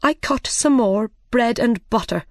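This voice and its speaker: A woman's voice: a little high, lively intonation, unhurried, no echo, voice pushed up. A jittery storybook hatter, afraid and pleading, as a woman puts him on. His voice sits well above the narrator's own, and the recording is close and dry. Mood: anxious. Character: nervous male hat-seller, fearful.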